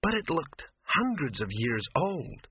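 A man's voice: fairly high pitch, very animated, measured pace, slightly rough, no room sound, exaggerated voice. A man voicing a bewildered, frightened young woman who speaks uncertainly while trying to stay reasonable, in a storybook reading. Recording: tinny lo-fi dry audio.

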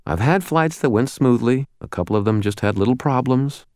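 A man voicing a dry-humored wizard detective in an audiobook, talking with sardonic, deadpan asides. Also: medium pitch, brisk, no room sound, voice pushed up, natural voice. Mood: wry.

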